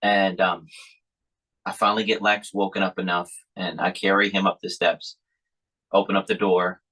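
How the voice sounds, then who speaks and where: A man with a very low voice hosts a podcast in an easygoing chat. His tone is bright and forward, with a husky, rough edge, and he tells family stories in a rambling way. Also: level tone, moderate pace, low-quality recording. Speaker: podcast host. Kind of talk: casual chat.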